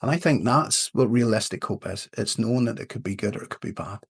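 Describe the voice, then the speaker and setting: A man's voice: fairly low pitch, quick pace, slightly rough. A man from Northern Ireland with a Northern Irish accent, a leadership coach talking as a podcast guest and telling a story. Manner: storytelling, animated quotes in a fable. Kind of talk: casual interview talk.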